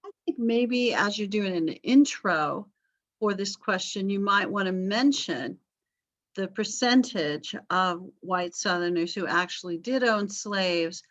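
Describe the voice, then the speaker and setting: A woman's voice: mid-range voice, takes it slowly, fairly bright tone, dull audio. Chatty middle-aged woman teaching history. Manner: chatty, informal, with asides and fillers. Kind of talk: online class lecture. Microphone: video call.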